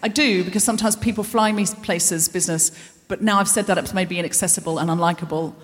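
A woman's voice: on the low side, fairly even intonation, fast talker. A woman hosting a live comedy show, giving a self-deprecating stand-up monologue full of rambling asides, in a large concert hall before an audience. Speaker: host.

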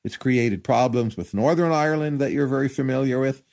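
Measured analytical man, middle pitch. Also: vocal fry, a little mellow. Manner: measured, analytical, hedging with hypotheses. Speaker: economist guest. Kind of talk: podcast interview answers.

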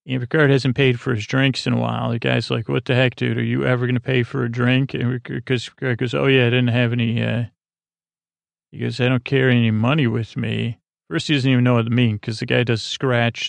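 A man recapping an episode in a slow, meandering sleep-podcast style, full of fillers and restarts. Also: mid-range voice, creaky, no room sound. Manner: meandering, filler-heavy, halting retelling. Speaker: podcast host.

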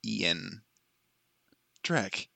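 A man's voice: fairly low pitch, animated, very slow, vocal fry, pushed and bright, no room sound. A man playing in a tabletop game, wisecracking and laughing a lot. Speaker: player. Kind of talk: casual tabletop game banter.

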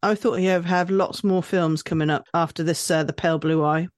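A woman with a fairly low voice chats easily, laughing often and thinking out loud. The recording is dry, with no room sound. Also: steady tone, no echo. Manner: easygoing, quick to laugh, thinks aloud. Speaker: podcast co-host. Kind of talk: casual chat.

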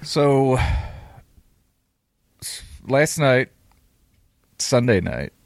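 A man's voice: mid-range voice, very animated, extremely slow, gravelly, no room sound, studio quality. A man co-hosting a casual podcast chat, blunt and swearing freely. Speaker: podcast co-host.

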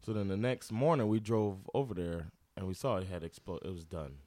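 A man's voice: low voice, fairly even intonation, a little fast, warm tone, dry recording. A man, a guest telling a story in casual talk, laughing often and putting on voices for the people he quotes.

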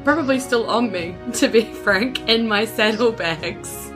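A woman's voice: fairly high pitch, unhurried, over music. A woman playing in a tabletop game, chatting casually and laughing often. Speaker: player.

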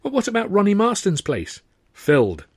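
A man's voice: high-pitched, wildly swooping pitch, moderate pace, slightly rough, no room sound, clean studio sound, voice pushed up, exaggerated voice. A man voicing a sarcastic, calculating older male theatre boss who talks bluntly to his employees.

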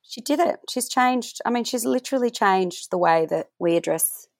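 Australian woman co-host, animated pitch, dry close mic, playful asides. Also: creaky, dry recording. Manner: encouraging listener, quick asides, playful. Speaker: podcast co-host. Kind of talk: casual chat.

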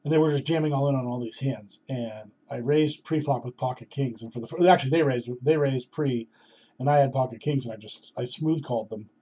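A man's voice: medium pitch, fairly quick, dark tone, breathy edge. A man in his thirties telling a casual personal story in a wry, self-deprecating way.

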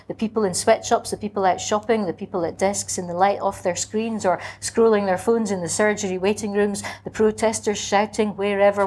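The ageless spirit of spring speaks in a lyrical, incantatory way, as a woman reads it aloud. There is a quiet menace under the flowing lines. The pitch is an everyday middle register, and the delivery has the measured pace of a dramatic literary reading. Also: natural voice.

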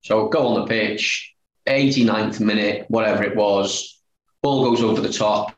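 A man's voice: on the low side, steady tone, moderate pace. A man, a former footballer telling a story as a guest, retelling conversations line by line. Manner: chatty, retells dialogue with "he said, I said". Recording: roomy echo, faint noise.

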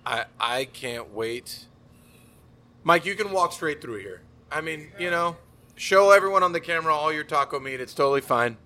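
A man's voice: a little high, lively intonation, normal speed, pushed and bright. A man hosting a casual chat in a laid-back, joking way.

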